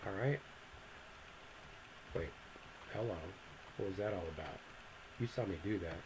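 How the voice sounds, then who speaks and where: A man over fifty teaching a software lesson, thinking aloud as he clicks through the steps and correcting himself casually. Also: deep voice, measured pace, noisy background. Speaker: instructor. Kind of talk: screen-recorded software tutorial.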